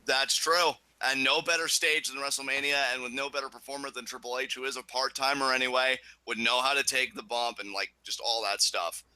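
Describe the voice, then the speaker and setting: Bright-voiced young man riffing on wrestling. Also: mid-range voice, fairly quick, hardly any pauses, clean tone, dry recording, rough recording. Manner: emphatic, swears freely, animated outbursts. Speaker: podcast co-host. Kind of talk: casual wrestling review chat.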